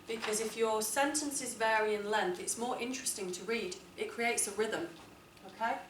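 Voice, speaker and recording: A woman teaching a writing lesson to a class, clear and deliberate, stressing words as she reads model texts aloud. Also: on the high side, fairly bright tone, a little hiss or hum. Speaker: English teacher. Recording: echoey classroom, from a distance.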